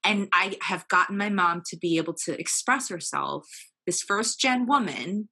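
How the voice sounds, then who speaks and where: A woman's voice: medium pitch, moderate pace, bright, forceful tone, husky. A woman telling personal family stories as a podcast guest, earnest and open, with many fillers and self-corrections. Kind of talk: candid personal storytelling.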